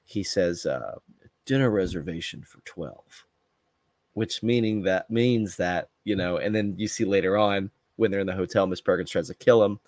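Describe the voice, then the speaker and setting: Low-voiced man in a relaxed chat. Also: moderate pace, hardly any pauses, dry recording. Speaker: podcast co-host. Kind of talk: casual movie review chat.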